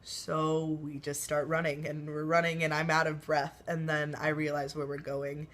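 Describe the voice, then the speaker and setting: A woman's voice: sits low, flat delivery, normal speed, fairly bright tone. A young woman telling her day in a casual personal video diary, rambling with many ums and likes. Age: young adult. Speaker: vlogger and college marching band member.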